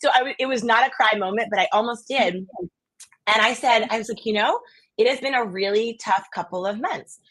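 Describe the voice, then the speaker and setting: A woman's voice: on the high side, fairly quick, a bit bright. A woman from the US East Coast, a podcast guest, chatting casually and telling stories energetically with lots of quoted voices. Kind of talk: casual interview chat.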